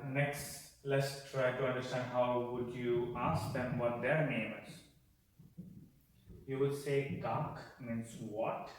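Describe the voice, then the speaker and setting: A man teaching simple phrases to healthcare workers, patiently repeating words slowly for practice. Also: medium pitch. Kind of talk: explanatory lesson with slow repeated drills. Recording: echoey room, voice far from mic.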